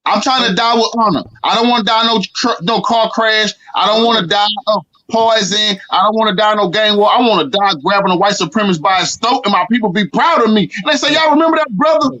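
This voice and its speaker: A man's voice: high-pitched, fairly quick, hardly any pauses, bright, forceful tone, dull audio. A young man hosting a casual panel, speaking in a fiery, emphatic way and repeating his points. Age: young adult. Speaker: host.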